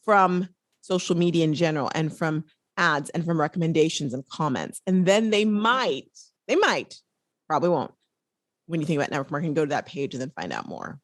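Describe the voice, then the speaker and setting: A woman's voice: low-pitched, expressive, dry recording, studio quality. Chatty woman hosting a podcast. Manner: chatty, playful, quick asides. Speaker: podcast host. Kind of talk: casual podcast chat.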